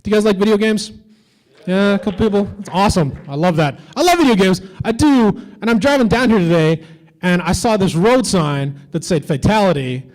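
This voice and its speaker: Edgy stand-up comedian, man, higher voice. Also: expressive, a little fast, rough recording. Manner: edgy, teasing banter with the crowd. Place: stage at a fan convention.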